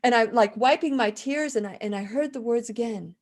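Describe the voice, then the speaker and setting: A woman's voice: a little high, fairly quick. A woman in her fifties with a slight lisp, hosting a faith-based live talk show, telling earnest stories and reading viewer comments with frequent restarts. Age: 50s. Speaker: radio show host.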